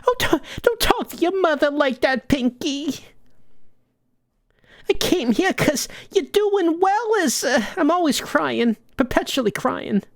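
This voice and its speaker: Brief: man playing a weepy, churchy old mama in a crime game, high and wavering, dry close mic. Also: expressive, unhurried, creaky, no room sound, full character voice. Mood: reproachful. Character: old Italian-American mother, pious, tearful, scolding.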